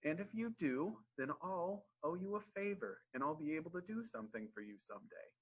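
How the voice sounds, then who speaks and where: A man's voice: fairly high pitch, animated, fairly quick, breathy edge, voice pushed up, low-quality recording. A man reading a storybook for children, voicing a small timid male mouse who pleads and then eagerly offers help. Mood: pleading.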